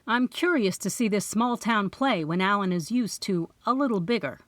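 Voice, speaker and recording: A woman voicing a smooth, curious male theater critic from the big city in an audiobook. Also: mid-range voice, moderate pace, a bit bright, no echo, close to an everyday voice. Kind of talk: audiobook character voice.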